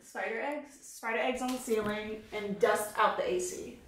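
A woman's voice: a little high, steady tone, moderate pace, roomy sound, crowd noise. A woman in her twenties chatting casually through a tour of her apartment bedroom, candid and cursing freely. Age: 20s. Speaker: vlogger giving a room tour. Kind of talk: casual chat.

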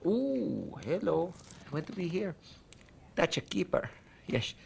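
A man putting on the voice of a creepy, gleeful male film villain, hushed and lingering over each word. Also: sits high, sing-song, measured pace, vocal fry, slight background noise, exaggerated voice. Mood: creepy relish.

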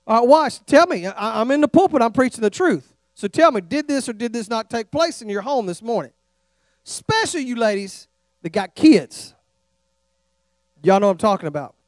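High-voiced Texan preacher, animated. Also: male voice, normal speed, no room sound, clean studio sound. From Texas. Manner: animated, calls out questions to the congregation. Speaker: traveling evangelist. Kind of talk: sermon. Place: church sanctuary.

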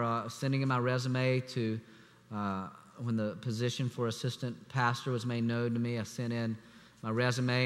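A man preaching a sermon as assistant pastor, speaking conversationally with restarts and fillers, sometimes dropping to a hushed voice. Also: mid-range voice. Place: church sanctuary. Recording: echoey church hall.

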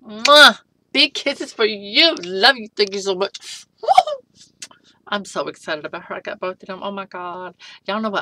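A woman's voice: extremely low pitch, fairly bright tone. A woman reviewing a doll she just unboxed, gushing with breathless exclamations.

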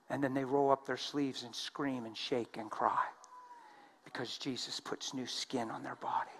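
A man preaching a sermon, telling stories with emphasis and swinging from loud outbursts to hushed tones. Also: mid-range voice, a little hiss or hum. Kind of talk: sermon storytelling.

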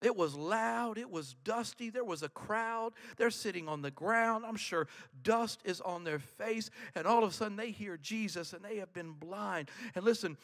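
A man preaching a sermon as pastor, swinging from quiet, hushed passages to loud shouted appeals. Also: high voice, moderate pace, hardly any pauses, in a large hall. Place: large church hall.

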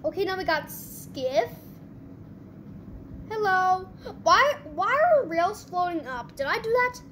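Woman, very high voice, excitable gameplay commentary, faint background noise. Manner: excitable, quick reactions, bursts of laughter. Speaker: channel host.

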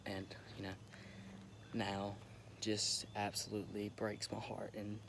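A young man recording himself on his phone, talking haltingly with many restarts as he holds back tears. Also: lowish voice, completely flat delivery, creaky. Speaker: vlogger. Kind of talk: emotional direct-to-camera update. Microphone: phone camera. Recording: phone recording with noticeable background noise.

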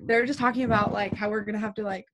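A woman's voice: medium pitch, steady tone, very fast, background noise. A young woman on a group video call, chatting casually in a rambling way, full of "like". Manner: rambling, fillers like "like" everywhere. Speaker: team member sharing her story.

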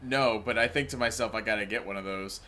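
A man's voice: on the low side, fast talker, sharp tone, a little hiss or hum. Casual man playing a tabletop game. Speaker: player.

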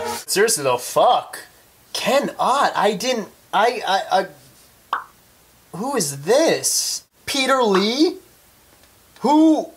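A young man in a casual vlog, talking in an excitable, animated way and swearing often. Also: sits high, takes it slowly, slightly rough. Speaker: YouTuber.

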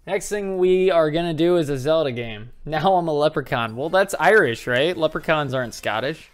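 A man's voice: on the high side, animated, normal speed, hardly any pauses, smooth, soft background music. A man casually commenting on a video game while a little tipsy, rambling, joking and swearing freely. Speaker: gameplay streamer.

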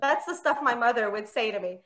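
A woman's voice: fairly high pitch, expressive, fairly quick, a loud crowd. A woman in her thirties performing a chatty, self-mocking stand-up set on a comedy club stage, acting out her own quoted dialogue. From Palestinian American.

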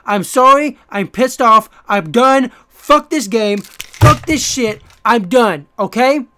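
A man's voice: very high-pitched, lively intonation, takes it slowly, sharp tone. A man commentating his own gameplay casually, cursing and ranting as he gets frustrated, then talking straight to his viewers. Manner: talks to viewers directly. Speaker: gaming YouTuber.

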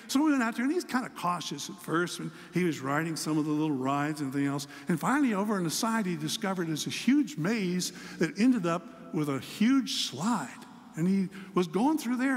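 A man's voice: sits high, expressive, brisk, long reverb tail. An older man, a pastor, preaching a sermon and telling a story about his grandson. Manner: storytelling, acts out a child's voice in quotes. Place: church sanctuary.

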